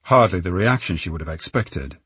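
A male audiobook narrator tells the story at a measured, tense pace. His voice is low and husky. The sound is dry and close to the microphone. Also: animated, a bit bright, no echo. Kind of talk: scripted narration.

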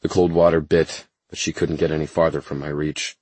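A man narrating a first-person romance audiobook in a measured, brooding, intense way. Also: a bass voice, little pitch movement, darkish tone, husky, no echo.

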